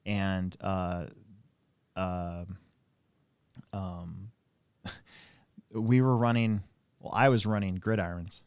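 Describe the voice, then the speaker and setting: Low-voiced man telling rambling stories. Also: steady tone, drawn-out words, long pauses, darkish tone, clean tone, dry recording. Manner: rambling anecdotal storyteller, many fillers. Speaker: host and RC track operator. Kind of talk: casual live-stream chat.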